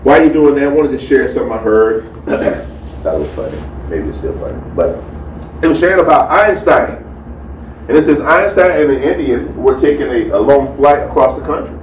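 A man's voice: medium pitch, sing-song, brisk, recorded from a distance. Casting: male pastor, easygoing chatty delivery, heard from off the mic in a roomy hall. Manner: chatty, lots of "you know" and "amen". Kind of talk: casual sermon with announcements. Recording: roomy, from off the mic, faint noise.

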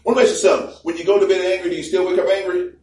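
A man's voice: sits high, fairly even intonation, rapid-fire, darkish tone. A man preaching a sermon in a chatty, joking way, acting out little voices as he goes, recorded from a distance in a church. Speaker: pastor. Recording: roomy, distant mic with faint background noise.

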